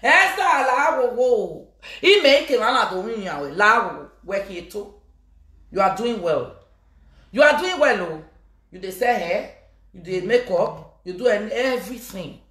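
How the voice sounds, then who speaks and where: A woman's voice: mid-range voice, expressive, slow pace, fairly bright tone. A woman with a Nigerian Pidgin English accent talking in a live-stream monologue, teasing her viewers, laughing and breaking into chants. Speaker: social media personality. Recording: echoey room.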